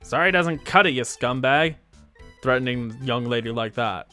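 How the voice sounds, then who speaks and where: A man voicing a gruff, blustering male police detective with a vague put-on accent. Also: medium pitch, normal speed, sharp tone, faint music behind, lightly acted. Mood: angry. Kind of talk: game dialogue read-along.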